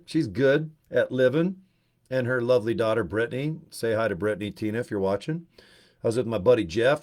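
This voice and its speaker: Joking, rambling man on a livestream. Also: mid-range voice. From Utah. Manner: animated, joking, swears freely. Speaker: network marketing presenter.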